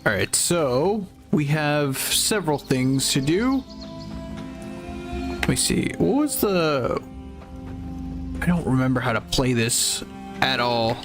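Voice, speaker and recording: A man's voice: mid-range voice, animated, takes it slowly, long pauses, music in the background. A tired young man hosting a game stream, rambling casually and swearing now and then while he sorts out the settings. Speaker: gaming streamer. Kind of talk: casual gameplay stream talk.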